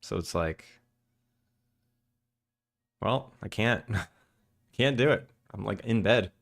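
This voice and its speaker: A young man talks with viewers on a live stream right after waking up. His voice sits very low and gravelly with morning fry, and he keeps it drowsy, relaxed and chatty. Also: takes it slowly. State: just woken up, morning voice. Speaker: game developer streamer. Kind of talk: casual live-stream chat.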